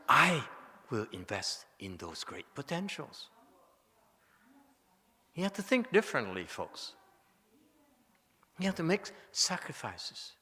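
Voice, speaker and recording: Man, Buddhist monk lecturing, slow and bright-toned, excitable and joking, echoing hall. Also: medium pitch. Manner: emotional, excitable, joking, with many restarts. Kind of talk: Dharma lecture. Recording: long hall reverb.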